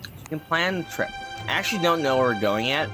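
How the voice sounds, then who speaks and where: Lively chatty male streamer. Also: fairly high pitch, a little fast, over music. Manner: chatty, rambling, many fillers. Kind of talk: casual gameplay commentary.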